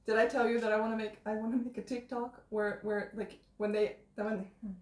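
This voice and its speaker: A high-pitched woman chatting loosely on a live stream, rambling and laughing between thoughts. She sounds like she is in a kitchen with hard, echoing walls. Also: little pitch movement, a little fast, a little mellow. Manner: rambling, laughing often, restarts. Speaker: stream host. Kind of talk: casual chat. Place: home kitchen. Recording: echoey room.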